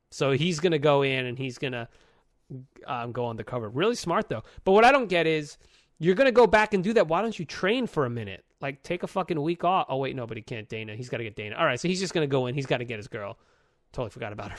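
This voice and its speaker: A man co-hosting a casual podcast, retelling a story in a lively, profane way with sudden jumps in pitch. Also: no room sound, clean studio sound. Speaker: podcast co-host.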